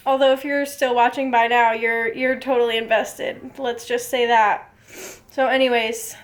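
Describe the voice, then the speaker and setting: A young woman talks straight to camera in a casual book vlog, her voice sitting high. She gushes and gets carried away easily, dropping swear words freely. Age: young adult. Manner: excitable, gushing, swears freely. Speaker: book vlogger.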